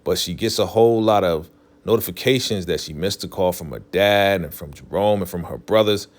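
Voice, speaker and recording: A man with a low, deep voice walks through a TV episode in a relaxed, conversational way. He keeps leaning on fillers and restarts as he retells the scenes. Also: brisk. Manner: loose, filler-heavy retelling, leans on "definitely" and "you know". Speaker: TV recap vlogger. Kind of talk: casual episode recap.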